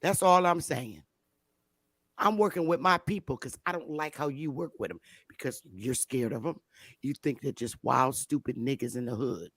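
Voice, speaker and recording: A woman's voice: very deep voice, moderate pace, a bit bright, breathy edge, no echo, studio quality. A woman hosting a talk show, ranting in a fiery, profane way during a casual chat. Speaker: host.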